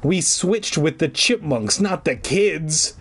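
A man voicing a frightened girl who has turned into a chipmunk, shrill and panicky. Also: expressive, takes it slowly, heavily acted. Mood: distressed.

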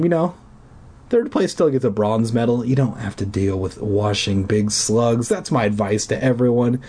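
A man's voice: medium pitch, darkish tone. A man reading a children's book aloud who breaks off into rambling, profane, joking asides. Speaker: amateur audiobook reader.

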